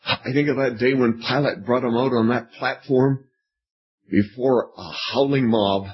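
A man preaching an evening sermon, slow and dramatic, with long pauses and repeated phrases. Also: medium pitch, fairly even intonation. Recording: dull lo-fi recording.

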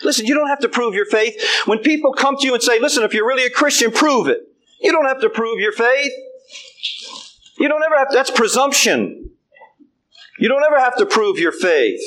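A man's voice: very high-pitched, animated, moderate pace, pauses often, fairly bright tone, slight background noise, low-quality recording. An older man preaching a sermon, emphatic and repeating his refrains.

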